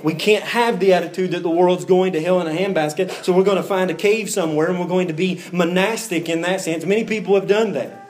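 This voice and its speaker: A man's voice: high voice, fast talker, few pauses, a little mellow. A man preaching an expository sermon, earnest and emphatic, often repeating words as he searches for the next phrase.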